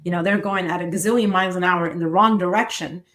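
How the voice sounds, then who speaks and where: A woman's voice: fairly low pitch, fast talker, fairly bright tone. A middle-aged woman hosting a podcast conversation, explaining with energy and acting out quoted inner voices. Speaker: podcast host. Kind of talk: casual conversational interview.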